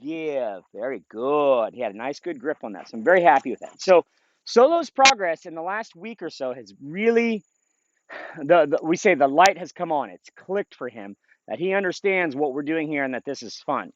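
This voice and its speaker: A man's voice: on the high side, big pitch swings, normal speed, highs cut off, a little hiss or hum. Man explaining dog training outdoors. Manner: explains plainly, then calls short upbeat commands to the dog. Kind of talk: outdoor training video with commentary. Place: outdoors in a field.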